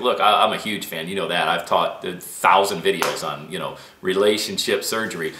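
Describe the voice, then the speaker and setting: A man delivers a fired-up motivational talk straight to camera, and his pitch leaps around as he pushes each point. His voice is bright and forward. The small studio room gives it a noticeable echo. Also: normal speed, few pauses. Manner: fired-up, preachy, animated. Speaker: motivational vlogger.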